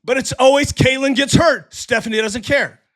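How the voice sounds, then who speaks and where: A middle-aged man hosting a live sports stream, ranting and yelling into his mic with a voice that is going hoarse. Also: very high-pitched, steady tone, moderate pace. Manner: heated, yelling, profane. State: losing his voice. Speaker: sports livestream host. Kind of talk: ranting live sports commentary, reading chat. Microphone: desk mic for a livestream.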